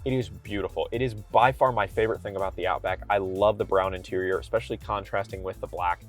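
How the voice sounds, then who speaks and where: A man with a somewhat low voice talks casually through a car interior, upbeat and enthusiastic. He sounds like a dealership reviewer, recorded inside a car cabin with faint background music underneath. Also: steady tone, fast talker. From Kentucky.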